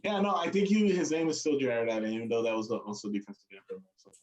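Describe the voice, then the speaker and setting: A man's voice: medium pitch, very animated, rapid-fire, lo-fi sound, a crowd in the background. Rambling man on a sports show. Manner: rambling, hesitant, fumbles for names. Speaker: co-host. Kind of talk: casual sports chat. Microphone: streamed call mic.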